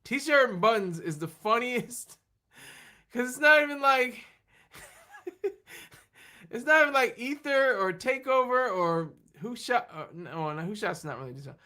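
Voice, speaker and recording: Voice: mid-range voice, animated, unhurried, pauses often, bright, forceful tone. A livestream host chatting casually and rambling, laughing often and answering comments from the chat while running on fumes.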